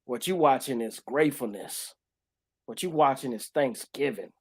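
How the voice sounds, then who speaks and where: A man co-hosting a faith podcast, sharing an emotional testimony in casual talk, swinging from loud bursts to hushed lines and breaking into tearful laughter. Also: medium pitch, moderate pace, husky. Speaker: podcast co-host.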